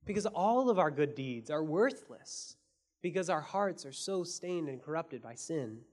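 A man preaching a sermon as pastor, earnest, asking his listeners questions and swinging between soft and emphatic delivery. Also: a little high, lively intonation, measured pace. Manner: asks the audience many questions.

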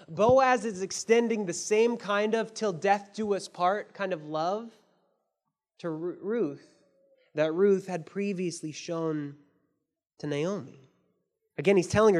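Man, high-pitched voice, preaching, emphatic, swells on key points. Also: expressive, unhurried. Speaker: pastor. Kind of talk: sermon.

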